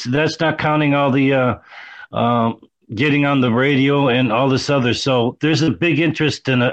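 Halting man with many fillers. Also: medium pitch, a bit bright. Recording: dull lo-fi sound.

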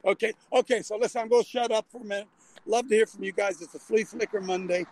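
A man's voice: sits high, fairly even intonation, fast, a little mellow, no room sound, low-quality recording. An older man hosting a casual call-in talk show, rambling and folksy with frequent restarts, talking from a vehicle.

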